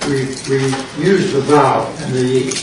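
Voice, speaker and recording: An older man, a pastor, slowly and patiently explaining grammar in a classroom lecture. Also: mid-range voice, steady tone. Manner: slow, patient explaining with repetition. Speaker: pastor teaching a Greek class. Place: church classroom. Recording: echoey classroom from far off with background noise.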